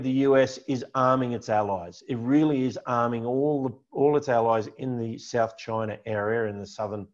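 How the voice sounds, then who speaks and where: Man with dull lo-fi sound. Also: fairly low pitch. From Australia. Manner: conversational, emphatic, repeats key points. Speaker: financial adviser giving a client update. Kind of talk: presentation with slides.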